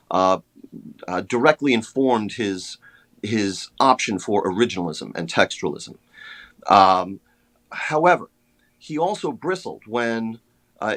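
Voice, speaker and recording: A man being interviewed on a radio show as an author, speaking in a measured way with many hesitations and fillers. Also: fairly low pitch, fairly bright tone. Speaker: author guest.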